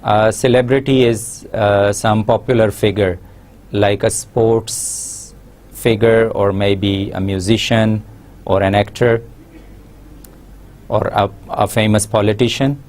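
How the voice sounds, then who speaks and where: A man giving a recorded university lesson, explaining slowly with many pauses and fillers. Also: lowish voice, flat delivery, darkish tone. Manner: slow, explanatory, frequent uh fillers. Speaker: English lecturer.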